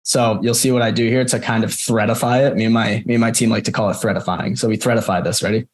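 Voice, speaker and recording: A man's voice: lowish voice, fairly even intonation, fast talker. A man teaching a group over a video call in a casual, chatty way, often checking in with "right?" and speaking to students by name. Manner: conversational, frequent "right?" tags, addresses students by name. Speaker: course instructor. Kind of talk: casual screen-share walkthrough.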